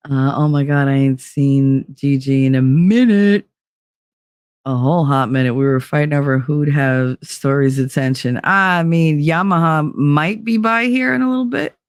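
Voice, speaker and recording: A woman's voice: low voice, darkish tone, dry recording, clean studio sound. A woman casually chatting with her livestream chat, bubbly and teasing, laughing a lot and tired from little sleep. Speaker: livestream host reading chat.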